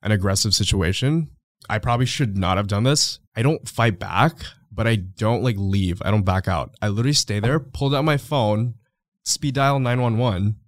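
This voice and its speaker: A man's voice: lowish voice, normal speed, no echo, clean studio sound. A man telling a story on a podcast in a loose, rambling way, full of fillers, now and then acting out other people's voices. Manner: rambling, filler-heavy, acts out quoted voices. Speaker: podcast guest. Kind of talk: casual storytelling.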